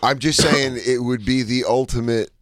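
A man co-hosting a podcast in casual comedic banter, riffing wryly and deadpan with some swearing. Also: medium pitch, moderate pace, dry recording. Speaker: podcast co-host.

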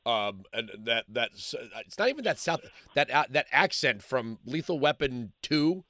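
A man's voice: mid-range voice, very animated, normal speed, fairly bright tone, no echo. A man hosting a call-in radio talk show, chatting loosely with frequent restarts and fillers.

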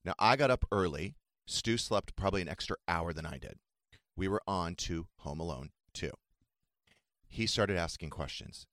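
A man's voice: low voice, normal speed, a bit bright, no echo, clean studio sound. A man co-hosting a radio show, telling wry, self-mocking stories in casual banter.

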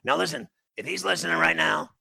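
A man's voice: a little high, animated, fast talker, vocal fry, rough recording. A middle-aged man from New City, telling a casual anecdote and acting out the quoted dialogue. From New York City.

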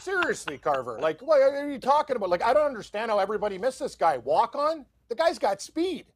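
A man's voice: very high-pitched, very animated, brisk, no echo. A man co-hosting a sports betting show, talking enthusiastically and agreeing eagerly. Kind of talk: casual sports chat.

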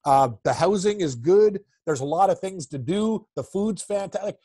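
Brief: excitable man from Toronto, slightly higher voice, blunt and joking, dry close sound. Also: normal speed, breathy edge, no room sound. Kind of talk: casual sports chat.

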